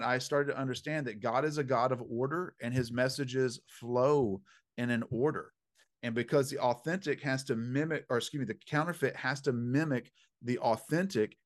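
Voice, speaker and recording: A man telling a story as an interview guest, animated and emphatic, with punchy slang and preacherly phrasing. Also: mid-range voice, normal speed. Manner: preacherly, faith-filled phrasing. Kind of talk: conversational storytelling.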